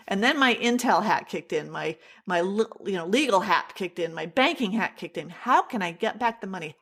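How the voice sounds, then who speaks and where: A woman telling her personal story as an interview guest, animated and acting out the dialogue she quotes. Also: mid-range voice, gravelly.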